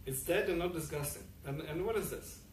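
A man reading aloud the lines of a gruff, sarcastic male drinker. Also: a little high, fairly quick, close to an everyday voice. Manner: sarcastic, indignant. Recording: echoey room, distant mic, faint noise.

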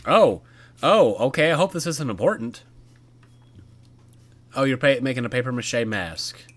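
A gaming YouTuber with an animated, mid-range voice plays a horror game at normal speed. His casual let's-play commentary is chatty and jokey, and he talks back to the characters.

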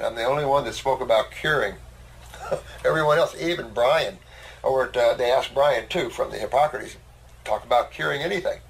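A man's voice: medium pitch, vocal fry, a little hiss or hum, poor audio. An older man hosting a casual talk, a blunt and boastful storyteller. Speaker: host. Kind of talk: casual conversation.

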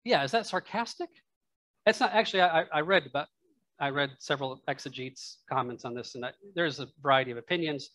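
Conversational Midwestern pastor preaching. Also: male voice, a little high, fairly quick, sharp tone, no echo. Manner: conversational, musing aloud with asides and laughs. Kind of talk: sermon. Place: church.

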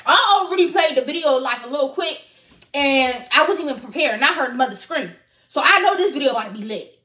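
A woman's voice: sits high, animated, quick pace, sharp tone. A young woman hosting a reaction vlog, chatty and playful and laughing easily. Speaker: YouTuber.

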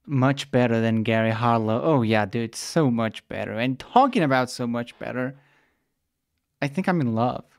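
A young man from Mexico chatting casually as he reacts to a video, excitable and quick to interject. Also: mid-range voice, no echo, clean studio sound.

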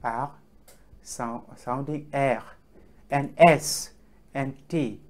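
A man teaching pronunciation, speaking slowly and haltingly with many fillers and repeated drill words. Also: mid-range voice, darkish tone. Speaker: French teacher. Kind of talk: classroom lesson on the alphabet.

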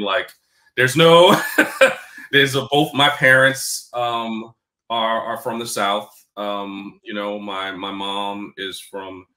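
Recorded in an echoey room, a man in his forties from New York chats as an interview guest, his low-leaning voice pushed and bright. He's candid, casual, and profane, laughing readily and filling gaps with ums. A faint Black New York tinge colors his otherwise neutral American accent.

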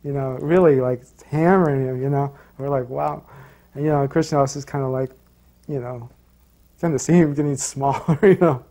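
A man's voice: medium pitch, fairly quick, dark tone. A man recalling past events in a loose, rambling way, full of "you know"s and restarts. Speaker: interviewee recalling his guru. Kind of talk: casual storytelling.

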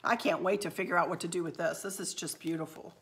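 A woman's voice: lowish voice, fairly even intonation, quick pace. Chatty woman crafter. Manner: rambling, chatty, folksy. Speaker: craft channel host. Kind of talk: casual haul vlog chat.

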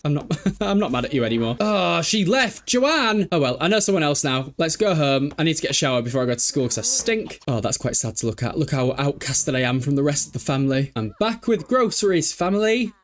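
A man with a slightly high voice talking through a life-sim game in a loose, chatty way. He sounds exasperated with his characters, scolds them, swears and laughs at them as he plays. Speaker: gameplay commentator. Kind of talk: casual gameplay commentary.

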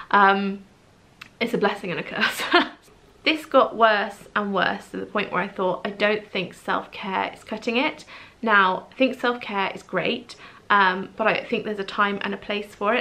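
A woman's voice: mid-range voice, a bit bright, low-quality recording. A woman in her thirties giving a candid personal vlog update, open and chatty, with frequent "um"s and asides. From England. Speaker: vlogger.

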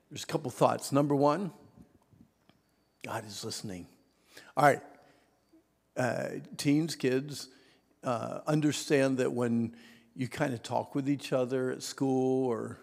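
A man preaching a Sunday school sermon to adults, teens and kids, swinging from hushed whispers to shouts and having the audience repeat words after him. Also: mid-range voice, gravelly. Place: church hall. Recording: long reverb of a church hall.

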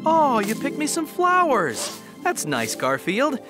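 A man's voice: very high-pitched, huge pitch swings, slow pace, exaggerated voice. A man voicing a nerdy, mild-mannered adult cartoon cat owner who talks meekly and stammers when flustered. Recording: cartoon soundtrack with music.

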